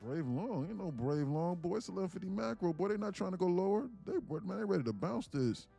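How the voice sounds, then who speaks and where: A man hosts a live trading stream in a lively voice that leaps up and down in pitch. He talks in slangy street style, preaching and firing rhetorical questions at his viewers. Faint music runs behind him. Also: fairly quick, gravelly. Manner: slangy, casual street talk. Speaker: day trading livestream host.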